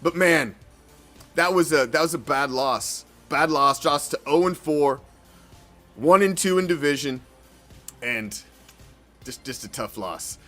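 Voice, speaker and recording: A man's voice: on the high side, measured pace, pauses often, pushed and bright, faint music behind. A man hosting a sports fan show, ranting heatedly and swearing in an exasperated way. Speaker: sports podcast host. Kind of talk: profane fan reaction rant.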